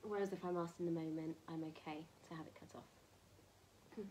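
A woman chatting to camera about a haul, rambling with ums, little laughs and soft whispered asides. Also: deep voice, fairly even intonation, fairly quick, slight background noise. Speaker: vlogger showing a merchandise haul. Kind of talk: casual chat to camera.

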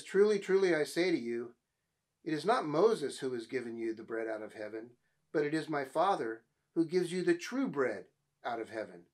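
A pastor delivering a sermon, a man whose voice sits a bit higher than most. He reads passages aloud, then explains them in a loose, conversational way, often doubling words as he restarts. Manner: frequent repeated words and restarts.

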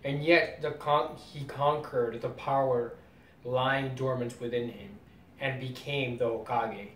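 A man reading as a stern ninja mentor. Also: takes it slowly. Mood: measured. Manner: reads comic dialogue flatly. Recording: roomy distant mic, faint rumble.

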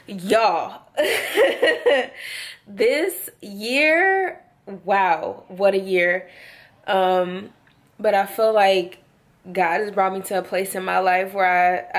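A young woman in her twenties talks to her vlog audience from home in an unhurried, unrushed way. Her tone is heartfelt and slangy, and she speaks straight to the people watching. Her voice sits at an ordinary middle pitch. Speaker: vlogger. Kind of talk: casual vlog talk to camera.

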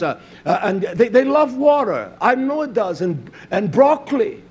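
An older man preaching a sermon in a fiery, scolding way, swinging from loud outbursts to low, quiet stretches. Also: big pitch swings, moderate pace, few pauses, husky.

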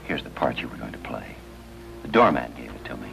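An earnest hospital chaplain, very deep gravelly voice, 1950s TV drama with music underneath. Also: male voice, big pitch swings, fairly quick, heavily acted, rough recording. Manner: earnest, gentle questioning. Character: calm, persistent male hospital chaplain.

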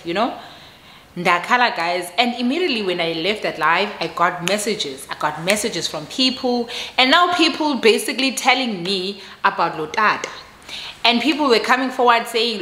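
Bright-voiced South African woman telling a story. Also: mid-range voice, moderate pace, reverberant. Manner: expressive, switches between English and Xhosa, laughs at herself. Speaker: vlogger telling a personal story. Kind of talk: casual storytime.

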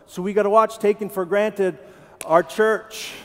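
Animated preaching man in a reverberant church. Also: high-pitched, a little slow, a little hiss or hum. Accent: Ohio. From Tennessee. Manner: animated, asks the congregation questions. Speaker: pastor. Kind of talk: sermon. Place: church sanctuary. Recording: church hall with long reverb.

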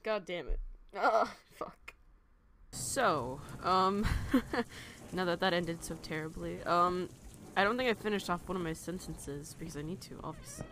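A woman's voice: fairly low pitch, very animated, a little slow, a bit bright, a little hiss or hum. A young woman giving commentary while she plays a horror game, nervous and jumpy, with bursts of laughter and swearing when something frightens her. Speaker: let's play gamer.

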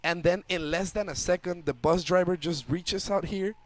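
A young man casually telling a story on a stream, loudly acting out the voices in it. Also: high voice, moderate pace. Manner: animated, acts out voices loudly. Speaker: guest storyteller.

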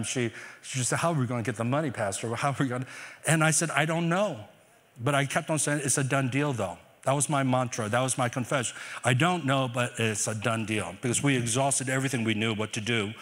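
An older man preaching a sermon as pastor, animated, swinging between loud exclamations and quiet asides. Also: mid-range voice. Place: large church hall. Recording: long church hall reverb.

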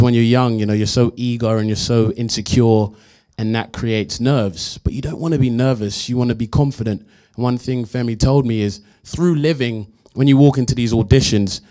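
A young adult man, a guest actor at a Q&A, telling animated stories and acting out quotes with laughs. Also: mid-range voice. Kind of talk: anecdotal storytelling at a Q&A.

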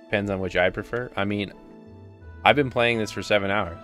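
A man's voice: on the low side, brisk, fairly bright tone, soft background music. A man casually commenting on his live playthrough of a video game, rambling and chatty, often reading the game's lines aloud. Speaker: gaming streamer.

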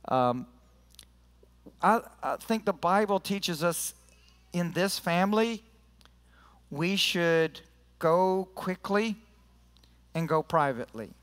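A man's voice: high-pitched, expressive, takes it slowly, long pauses, fairly bright tone, in a large hall. A man preaching a sermon to his church in an earnest, conversational way, leading prayer and scripture reading. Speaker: pastor. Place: church sanctuary.

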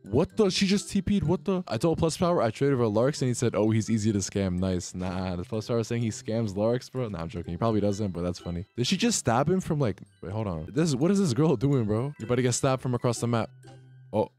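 A man, a gaming YouTuber, giving excitable, slangy play-by-play commentary while playing an online game. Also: medium pitch, fairly quick, faint music behind. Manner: excitable, slangy, keeps saying "bro". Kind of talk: casual gameplay commentary.

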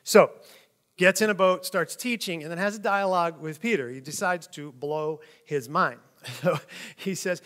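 A man teaching from the Bible in a relaxed, conversational way. He reads passages aloud and then explains them informally. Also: a little high, normal speed. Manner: conversational, with frequent "like" and "kinda". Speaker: preacher.

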